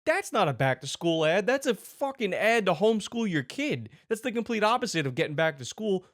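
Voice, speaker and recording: A man's voice: high-pitched, big pitch swings, a little fast, a bit bright, no room sound, clean studio sound. Exasperated profane man. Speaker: host. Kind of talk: ranting commentary.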